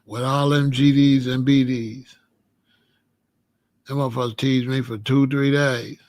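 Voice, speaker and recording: A man hosting his own channel, telling a story in a casual, animated and profane way and laughing as he goes. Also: mid-range voice, measured pace, no echo.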